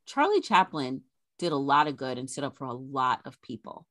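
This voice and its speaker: A woman's voice: a bass voice, big pitch swings, moderate pace, a bit bright, no echo. A woman co-hosting a podcast, animatedly retelling an old scandal with chatty asides. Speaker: podcast co-host. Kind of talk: casual history storytelling.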